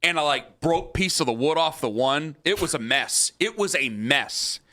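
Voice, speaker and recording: A man's voice: fairly high pitch, expressive, moderate pace, sharp tone. A man hosting sports talk radio, animatedly telling a funny story and acting out the other people in it.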